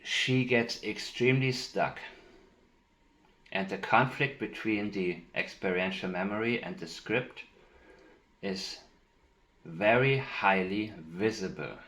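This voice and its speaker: A man commenting on interview clips, speaking in a deliberate, emphatic way and repeating key phrases. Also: on the low side, a bit bright, echoey room. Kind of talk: analytical commentary with played clips.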